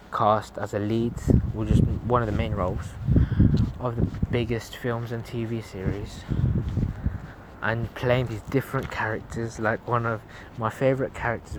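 Earnest teenage guy, low voice, noisy. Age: late teens. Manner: earnest, rambling, encouraging. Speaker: podcast host. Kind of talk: solo motivational podcast monologue. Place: at home at night. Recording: steady background noise.

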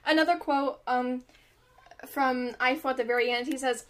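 A woman co-hosting a podcast in casual chat, excitable, cutting in often and filling her talk with "like". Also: sits high, moderate pace. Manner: excitable, cuts in often, many filler "like"s. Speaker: podcast co-host.

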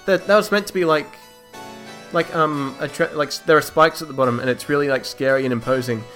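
A twitchy young nobleman in a tabletop game, played by a man as high and stammering, tripping over his words. He keeps restarting his sentences and sounds flustered throughout. Bright, sharp tone. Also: steady tone, brisk, faint music behind, natural voice. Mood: anxious. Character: nervous young male lord, stammering and flustered.

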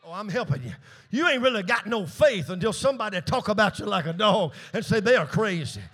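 A male pastor, preaching a call-and-response sermon that swings from hushed low asides up to shouted peaks. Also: lively intonation, brisk, breathy edge.

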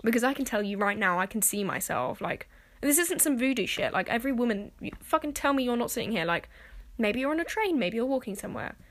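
A woman's voice: a little high, very animated, fast, fairly bright tone. A young woman, talking casually to camera and filling her speech with "like," cursing freely. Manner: chatty, swears freely, fills speech with "like".

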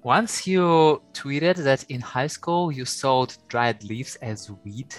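A man's voice: medium pitch, slow pace, soft background music, low-quality recording. Curious male podcast host asking questions. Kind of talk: casual interview.

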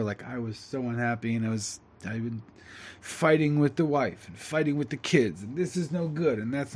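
A man's voice: mid-range voice, a little mellow. A man giving a casual spiritual talk, rambling and reflective, with many fillers. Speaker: host telling a spiritual story.

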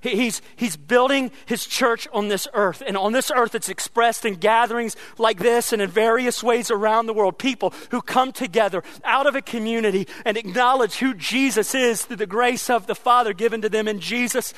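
A man preaching a sermon as pastor, earnest, often repeating words and slowing down to stress a line. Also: extremely high pitch, fairly bright tone, no echo.

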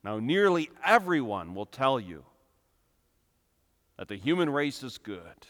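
A man preaching a sermon with emphatic delivery, building to loud, impassioned peaks. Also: medium pitch, big pitch swings, measured pace. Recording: long reverb of a hall.

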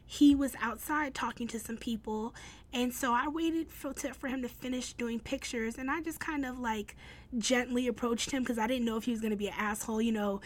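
A young woman blogger talks to her viewers in a loose, chatty way. She is upbeat, often restarts her sentences and leans on fillers. Her voice sits fairly high. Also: a little fast. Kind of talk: casual storytelling vlog.

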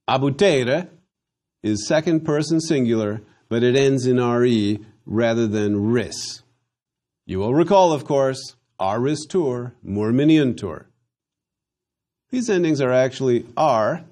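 Slow, dark-voiced Latin teacher. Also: male voice. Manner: dry humor, slow emphatic drills with lively pitch. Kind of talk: recorded language lesson.

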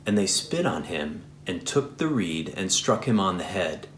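A man reading scripture aloud in a church, steady and measured. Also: sits low, roomy sound, a little hiss or hum. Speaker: scripture reader.

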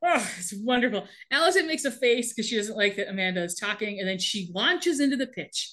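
A woman's voice: fairly high pitch, lively intonation, fairly quick, a bit bright. A woman co-hosting a casual podcast, animatedly retelling a TV episode and laughing often. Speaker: podcast co-host recapping a TV episode. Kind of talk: casual chat.

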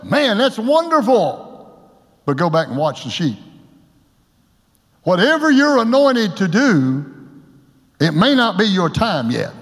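An older man preaching a sermon as pastor, folksy and joking, with sudden loud shouts. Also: fairly high pitch, big-room sound. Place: church sanctuary.

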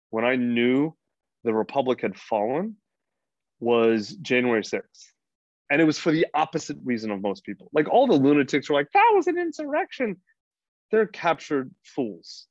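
A man's voice: mid-range voice, dry recording. A middle-aged American man talking bluntly and profanely as a podcast guest, rambling through his points with frequent restarts. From United States. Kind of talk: freewheeling casual conversation. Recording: dry, dull lo-fi sound.

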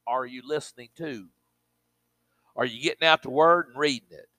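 A man's voice: mid-range voice, fairly quick, bright, forceful tone, no room sound. A man preaching a sermon, emphatic and speaking in a colloquial way to his congregation.

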